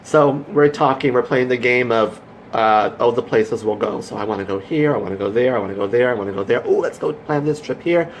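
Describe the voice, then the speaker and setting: A man talks straight to his viewers in a casual storytelling vlog, rambling with restarts and growing animated as he turns motivational. His voice sits at an ordinary middle pitch. A faint ambient hiss runs underneath. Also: a little fast, poor audio. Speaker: vlogger.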